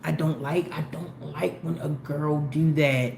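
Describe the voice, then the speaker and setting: A woman hosting a casual celebrity gossip commentary, animated and opinionated, with slangy talk that swings between low asides and loud exclamations. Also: measured pace, vocal fry. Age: older. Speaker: commentary host. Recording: echoey room with faint ambient noise.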